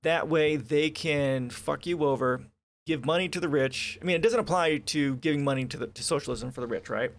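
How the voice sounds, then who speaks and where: This man hosts a casual political commentary livestream, reading articles aloud before breaking off into sarcastic, profane rants. His voice is fairly high-pitched and his pace a little quick.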